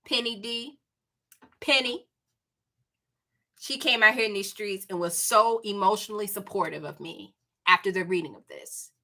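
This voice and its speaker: Southern lady doing a book chat, bright voice, lively and playful. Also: mid-range voice. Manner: animated, playful, talks to viewers as y'all. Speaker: book reviewer. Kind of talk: casual chat.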